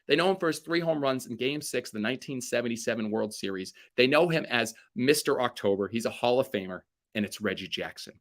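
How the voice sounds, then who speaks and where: A man's voice: fast talker, hardly any pauses. A man giving a keynote talk, telling stories with energy and acting out what people said. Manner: energetic storyteller acting out quotes with big pitch jumps. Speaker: keynote speaker. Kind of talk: motivational storytelling keynote.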